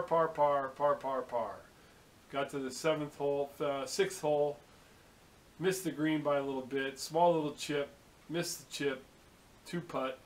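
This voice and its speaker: A vlogger from the San Francisco Bay Area, USA, talks casually inside a vehicle, rambling, swearing, and telling chatty stories with quoted dialogue. He has a fairly high-pitched voice, and the recording is low quality.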